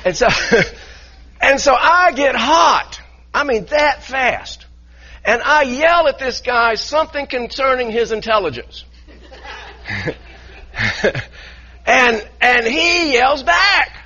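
Preacher guy, bright husky voice, gets heated telling a story, muffled recording. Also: extremely high pitch, slow pace, long pauses. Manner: animated, laughing asides, grows heated in retelling. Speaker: pastor. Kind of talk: storytelling sermon. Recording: dull lo-fi sound.

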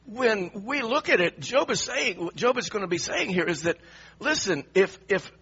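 A man preaching a sermon, emphatic and animated, repeatedly asking the audience pointed questions. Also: high voice, moderate pace, husky, highs cut off.

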